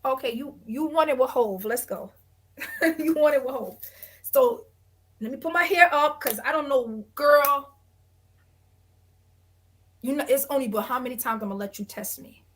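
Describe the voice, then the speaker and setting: A woman guest on an interview podcast, telling a story in a blunt, dramatic and expressive way, acting out other people. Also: sits high, normal speed, pauses often. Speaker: guest, reality dating show cast member.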